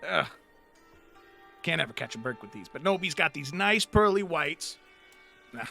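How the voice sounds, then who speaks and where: A man's voice: a little high, expressive, normal speed, creaky, sharp tone, soft background music, full character voice. A man voicing a boisterous tusked male brawler who swears, teases and laughs a lot. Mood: scornful.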